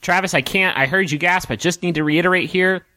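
Halting game master, dry sound. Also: male voice, sits high, pushed and bright, no echo. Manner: halting, many ums and restarts. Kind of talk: narrating a tabletop game.

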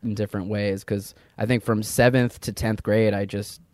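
A man's voice: fairly low pitch, flat delivery, normal speed, a little mellow, no room sound, studio quality. A young adult man telling wry stories about his parents in an easygoing way. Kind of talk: casual storytelling interview.

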